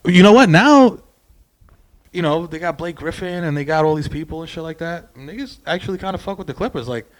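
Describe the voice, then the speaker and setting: A young man telling animated, profane stories on a podcast, wandering off on tangents. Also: fairly high pitch, a little fast. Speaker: podcast guest. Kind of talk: casual podcast chat.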